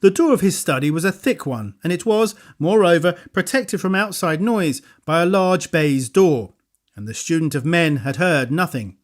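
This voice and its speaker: A man narrating an audiobook thriller in a measured, even storytelling delivery. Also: fairly high pitch. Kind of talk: scripted narration.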